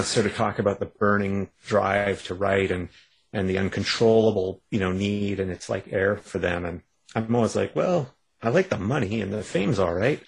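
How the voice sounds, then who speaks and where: A man from Canada, with a low, gravelly voice that has a husky edge, calls in as a guest author. He chats in a wry, self-mocking way and keeps restarting his sentences. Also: low-quality recording. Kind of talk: casual interview chat. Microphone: phone line.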